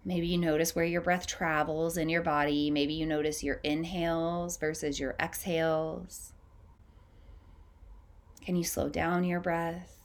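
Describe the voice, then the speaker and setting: A woman hosting a podcast leads a breathing practice as a calm meditation guide, her voice slightly low. She speaks slowly, gently, and soothingly, leaving long soft pauses.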